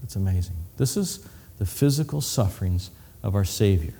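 A man's voice: on the low side, expressive, moderate pace, gravelly, warm tone, a little hiss or hum. A man preaching a sermon with slides, vivid and hands-on, acting out cries and whispers and adding medical detail. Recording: long hall reverb.

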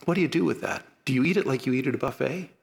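A man's voice: medium pitch, very fast, vocal fry. A man preaching a sermon to a live congregation, talking casually with humor and building to emphatic repeated phrases. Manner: conversational, building emphatic repetition.

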